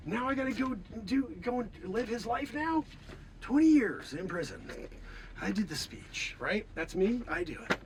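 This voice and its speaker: Hoarse guy doing improv comedy, high voice jumping all over, fake outrage then mumbling. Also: big pitch swings, moderate pace, background noise. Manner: mock-outraged, swings between shouting rants and muttering. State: hoarse, losing his voice. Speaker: comedy streamer host.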